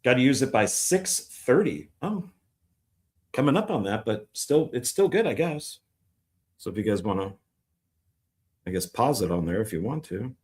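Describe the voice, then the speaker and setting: A man's voice: medium pitch, sing-song, normal speed, long pauses, darkish tone. A man chatting casually on camera about discs he bought, rambling and swearing, now and then mocking critics in a put-on voice. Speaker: filmmaker showing his disc purchases. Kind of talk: casual vlog chat.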